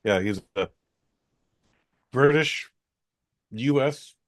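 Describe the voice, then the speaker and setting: A podcast host rambles through a casual film review, full of fillers, restarts, and some swearing. His mid-range voice is very slow, and there is no echo.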